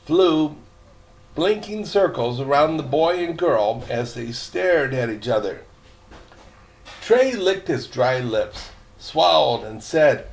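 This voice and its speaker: An older man reading a chapter book aloud, rambling with chatty asides and many fillers. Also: fairly high pitch. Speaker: storyteller.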